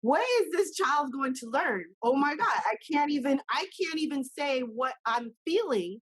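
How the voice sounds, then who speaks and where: A woman's voice: high voice, expressive, moderate pace, fairly bright tone, poor audio. A woman talking as a guest in a conversation, speaking with passion and acting out little scenes in voices.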